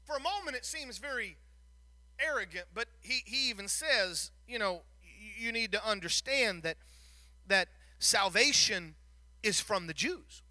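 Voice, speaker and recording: High, bright-voiced preacher. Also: male voice, expressive, unhurried, no room sound. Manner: storytelling preacher who acts out the Bible scene, stumbles and repeats words. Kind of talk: sermon.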